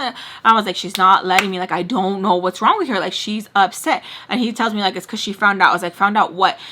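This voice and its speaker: Bright, animated storytime woman. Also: mid-range voice. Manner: expressive, dramatic retelling with heavy "like" fillers. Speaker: storytime vlogger. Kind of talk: casual storytime chat.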